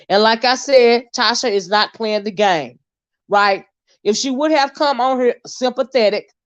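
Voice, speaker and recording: A woman's voice: medium pitch, no room sound, highs cut off. A woman hosting a casual live-stream commentary, sassy, blunt and profane as she talks to her viewers. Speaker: host.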